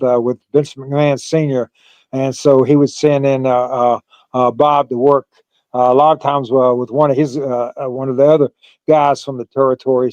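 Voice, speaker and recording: An older former pro wrestler telling stories in a casual interview, halting often with fillers and laughing along the way. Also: male voice, mid-range voice, darkish tone, no echo, lo-fi sound.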